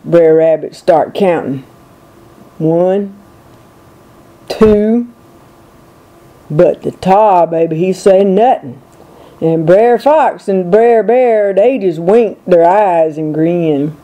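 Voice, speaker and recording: Slow, mellow older woman reading a folk tale. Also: on the low side. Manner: slow, rhythmic folk-dialect storytelling. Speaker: storyteller reading to grandchildren.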